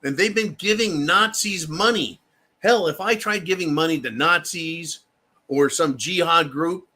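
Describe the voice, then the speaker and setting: American male commentator, fairly high voice, mocking and profane, delivers solo political rants. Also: bright, forceful tone.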